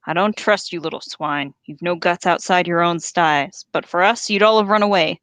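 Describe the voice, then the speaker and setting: A woman reading aloud and voicing a brutal male orc captain with a slow, commanding growl. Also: lowish voice, fairly bright tone, smooth, dry recording, close to an everyday voice. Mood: boastful.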